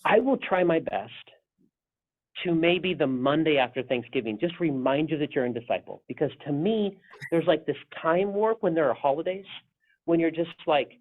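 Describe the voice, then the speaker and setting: A male pastor leads a Bible study in a relaxed, conversational way, often restarting his sentences. His voice sits a little high. The recording is narrow and tinny, like a phone line. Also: moderate pace. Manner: casual, rambling, frequent restarts. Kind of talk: leading a Bible study discussion.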